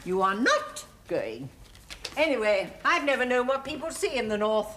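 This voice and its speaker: A woman's voice: on the high side, very animated, moderate pace, slight background noise. An actress playing a bossy, fussy older mother in a studio sitcom, with a sing-song delivery. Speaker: domineering mother. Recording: studio audience laughter. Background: loud audience laughter.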